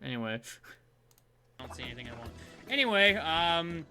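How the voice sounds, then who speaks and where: Young guy chatting over a game, high bright voice, kinda rambly, music playing under. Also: sing-song, unhurried, pauses often. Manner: rambling, laughs at his own asides. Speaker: let's play host. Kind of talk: casual gameplay commentary.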